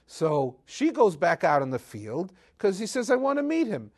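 A man with a slightly raised pitch retells a scripture story for the Sabbath. He tells it casually and with energy, slipping into the voices of the people he quotes. Hebrew words flow naturally into his English. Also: normal speed. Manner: lively retelling, acting out characters' quotes. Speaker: Torah teacher. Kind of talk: weekly Torah portion storytelling.

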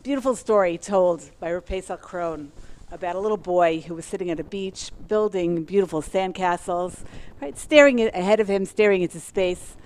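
Fast-talking woman teaching a class. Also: fairly low pitch, darkish tone. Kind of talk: religious class lecture.

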